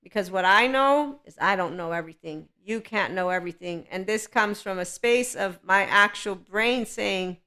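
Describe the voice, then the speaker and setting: A woman's voice: mid-range voice, moderate pace, hardly any pauses, bright, forceful tone, clean tone. A woman hosting a podcast, talking unscripted in a rambling, emphatic and candid way, often checking in with "okay". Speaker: podcast host. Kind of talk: unscripted solo podcast monologue.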